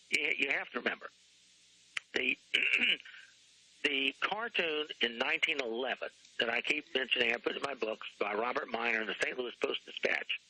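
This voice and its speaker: Male radio guest, author; rambling, throat-clearing, husky and sharp-edged. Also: medium pitch, low-quality recording. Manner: rambling, often clears his throat and spells out names letter by letter. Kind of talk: radio talk show interview.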